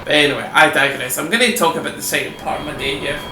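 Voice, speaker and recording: A man's voice: on the high side, quick pace. A man talking casually over his gameplay, rambling and swearing, laughing often as he chats. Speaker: gameplay video host. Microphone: desk microphone. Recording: echoey room with faint hum.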